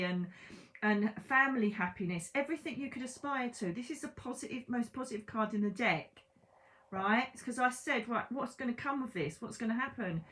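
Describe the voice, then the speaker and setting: A woman's voice: on the high side, a bit bright. Bubbly woman reading tarot cards. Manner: bubbly, exclamatory, talks straight to viewers. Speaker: psychic tarot reader. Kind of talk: chatty tarot reading to camera. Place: at home in bed.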